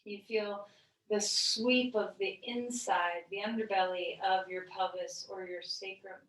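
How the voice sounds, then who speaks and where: A woman teaching a gentle yoga class, guiding slowly with calm, questioning cues and the odd filler. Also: mid-range voice. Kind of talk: guided yoga class instruction. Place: room, lying on the floor. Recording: echoey room, voice from a distance.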